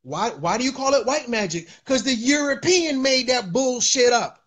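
High-voiced man preaching on a livestream. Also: expressive, moderate pace, a bit bright. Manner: loose and preachy, with lots of fillers, repeats lines for emphasis. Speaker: livestream host. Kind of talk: casual livestream monologue.

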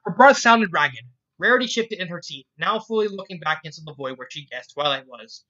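A reader narrating a fan fiction story aloud in a measured, earnest way. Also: medium pitch, animated, bright, forceful tone. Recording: dull lo-fi recording.

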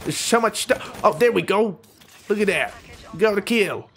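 A man giving jokey, self-mocking commentary over his own shooter gameplay, often shouting in surprise. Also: sits high, moderate pace, soft background music. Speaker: gaming YouTuber.

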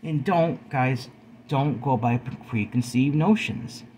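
A man's voice: medium pitch, takes it slowly, dark tone, slight background noise, rough recording. A man in his forties, talking earnestly to his viewers from home in a preachy vlog, often calling them guys. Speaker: video host. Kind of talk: earnest spoken vlog talk.

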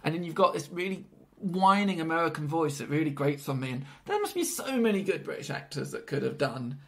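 A man appearing as a guest on a film podcast, chatting casually in a relaxed, self-deprecating way and laughing often. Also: fairly high pitch, brisk, vocal fry.

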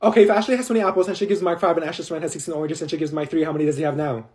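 A man voicing a weary, patient woman schoolteacher who talks in a calm, firm, tired way, in a comedy sketch. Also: a little high, racing, close to an everyday voice.

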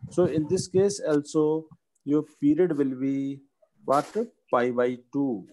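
A man, teaching a maths lesson and dictating each step slowly. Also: a little high, little pitch movement, dark tone, poor audio.

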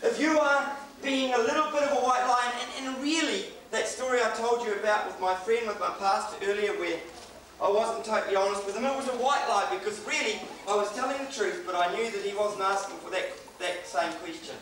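A New Zealand preacher delivers a chatty sermon with a strikingly high, bright voice. He stands well back from the microphone in a big echoing church hall. A faint hiss runs under the recording. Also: a little fast. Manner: conversational, joking asides. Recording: echoey hall, distant mic, faint hiss.

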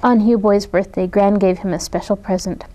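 Mellow woman reading a picture book. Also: medium pitch, normal speed, low-quality recording. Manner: gentle, expressive read-aloud with voiced characters. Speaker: storybook reader. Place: community media studio.

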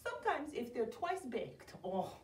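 A woman's voice: on the high side, huge pitch swings, measured pace. A woman hosting a children's cooking demo, playing a goofy chef character, joking and asking young viewers questions. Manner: talks straight to young viewers, with many questions and jokes. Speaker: children's library program host. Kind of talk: playful kids' cooking demo. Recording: echoey room, mic somewhat far.

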